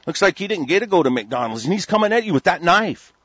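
Husky man in a heated, rambling rant. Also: sits high, very animated, fast, fairly bright tone, no room sound. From United States. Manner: rambling, stammering restarts, profane. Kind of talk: heated talk-radio rant. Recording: dull lo-fi recording.

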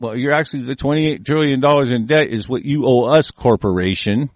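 A man's voice: mid-range voice, brisk, no room sound. A man delivering an angry, profane political rant, combative and swearing constantly. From United States.

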